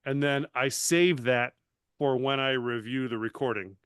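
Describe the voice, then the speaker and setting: A man and coach talking casually on a panel, animated and self-deprecating, often restarting his sentences. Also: medium pitch, measured pace, smooth, dry recording, studio quality. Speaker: master certified coach.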